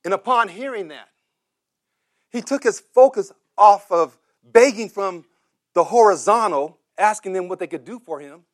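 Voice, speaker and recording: Speaking at a moderate pace in a voice that sits high, this preacher gives voice to beggars and crowds during his sermon. His repetitions mount until he breaks into shouted cries.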